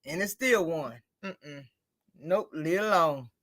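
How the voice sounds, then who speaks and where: This woman's voice is deep and a little slow. As host of a casual chat, she tells stories in an animated, talkative way, performing quoted back-and-forths as she goes.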